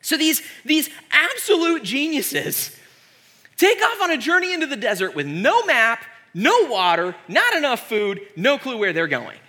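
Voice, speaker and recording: A male preacher in his thirties, giving a comedic sermon with sarcastic asides. His high, bright voice leaps up and down lively, pushing each joke forward. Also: measured pace. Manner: animated, joking, sarcastic.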